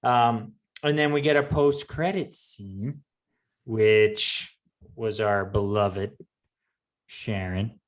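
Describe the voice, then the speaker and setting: Low-pitched male podcast co-host, halting recap delivery. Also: steady tone. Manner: halting, full of ums and uhs, recapping. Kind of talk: casual chat.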